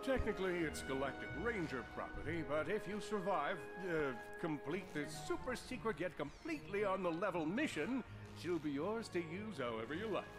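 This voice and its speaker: A man's voice: fairly high pitch, very animated, moderate pace, few pauses. An actor playing a boastful male space hero who gives a showy mission briefing. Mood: pompous. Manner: pompous, showy delivery. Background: game music.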